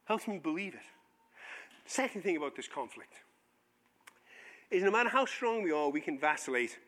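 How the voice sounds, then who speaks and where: A man's voice: on the high side, moderate pace, in a large hall. A man preaching a sermon as pastor, retelling Bible stories in casual modern speech and acting out the characters' lines. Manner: animated storytelling, acts out biblical voices in casual modern speech.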